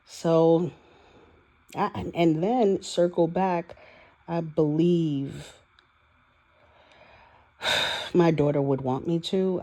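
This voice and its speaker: A vlogger opens up about her life in an audio-only clip, her voice low, warm, and relaxed. Emotional and candid, she laughs a lot and keeps trailing off and restarting while searching for the right words.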